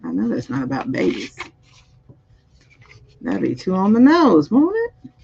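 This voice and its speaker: A woman's voice: fairly low pitch, huge pitch swings, a little slow, gravelly, darkish tone, a little hiss or hum. A woman doing a live-streamed spiritual card reading, musing aloud over the cards and chatting with viewers. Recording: dull, muffled audio.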